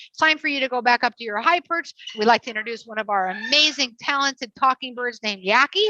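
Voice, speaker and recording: A woman's voice: fairly high pitch, a little fast, few pauses, sharp tone, dry recording, dull audio. A woman presenting a live family show with trained parrots, coaxing and cheering the birds along.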